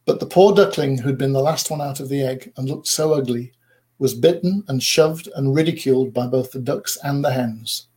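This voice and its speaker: A man reading a storybook aloud in a measured, expressive narrating manner. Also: medium pitch.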